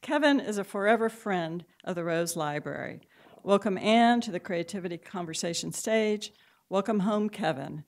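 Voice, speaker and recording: A woman's voice: medium pitch, expressive, moderate pace. Woman host giving a prepared introduction. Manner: reads a list of praises, light humor. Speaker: event host introducing speakers.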